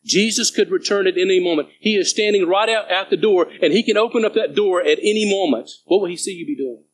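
A man's voice: high-pitched, fast, rough recording. A man preaching a sermon to his church as pastor, earnest and urging, reading scripture aloud between stories.

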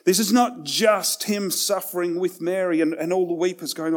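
A man preaching a sermon in a conversational way, with self-deprecating asides, swinging between loud and hushed passages. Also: high voice, steady tone, normal speed. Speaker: pastor.

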